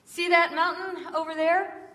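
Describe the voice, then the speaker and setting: A woman preacher voicing a friendly, chatty white-haired old man in a story, in a raised, lively storytelling voice. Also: very high-pitched, measured pace, pitched above the performer's own voice. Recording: echoey hall from far off.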